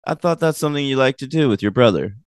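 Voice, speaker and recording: A man's voice: mid-range voice, lively intonation, fast talker, clean tone, no echo. A man hosting a film podcast in casual chat, teasing his co-host and blunt in his opinions.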